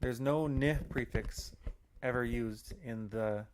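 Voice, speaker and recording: There's a noisy background as a medium-pitched man gives a relaxed, chatty audio language lesson. He restarts often and uses many fillers, slowing down to spell out example phrases.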